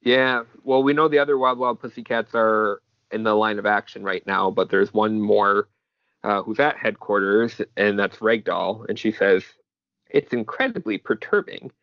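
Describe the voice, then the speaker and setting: Low laid-back man on dry mic. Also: little pitch movement, normal speed, no room sound, dull audio. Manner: laid-back, reads panels aloud. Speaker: podcast co-host. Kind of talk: casual chat recapping a manga chapter.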